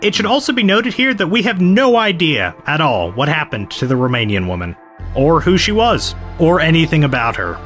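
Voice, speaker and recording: A man's voice: a little high, big pitch swings, moderate pace, a bit bright, faint music behind. A man hosting a podcast, telling a history story in a casual, explanatory way. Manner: conversational, explanatory. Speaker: podcast host.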